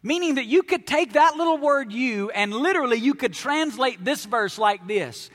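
A man from Alabama with a Southern accent, preaching a sermon as pastor, emphatic and animated with playful asides to the congregation. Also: very high-pitched, moderate pace, hardly any pauses. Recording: long hall reverb.

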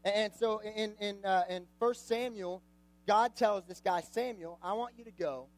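Young male youth pastor, high voice, chatty and jokey, asks the room questions. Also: moderate pace, low-quality recording. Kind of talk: casual sermon to a youth group.

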